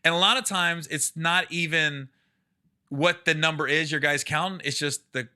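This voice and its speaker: A comedian telling stories from the road in a casual chat and acting out the people in them. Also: male voice, moderate pace, clear, resonant tone. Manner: animated, acts out quotes with jumps in pitch. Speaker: comedian guest.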